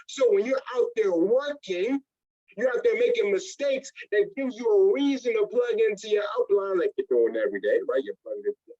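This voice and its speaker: A man's voice: sits high, normal speed, muffled recording. A man leading a motivational business training, acting out little scenes in different voices as he goes. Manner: animated, acts out little scenes in other voices. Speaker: network marketing trainer.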